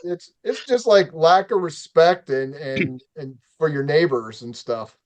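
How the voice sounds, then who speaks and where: A man hosting a casual talk show, telling a story in an animated, profane way and acting out the quotes. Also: fairly high pitch, a little slow, muffled recording. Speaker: show host.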